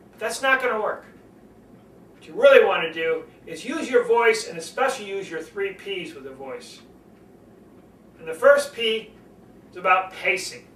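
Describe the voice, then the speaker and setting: A man coaching on public speaking, talking expressively and showing shifts in pace and pitch as he explains. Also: pushed and bright, reverberant, distant mic, poor audio. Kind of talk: instructional talk to camera.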